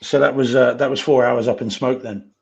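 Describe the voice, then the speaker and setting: A man's voice: mid-range voice, steady tone, brisk, gravelly, darkish tone, muffled recording. A man co-hosting a podcast in easygoing casual chat, with a lot of murmured agreement and light teasing. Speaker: podcast co-host.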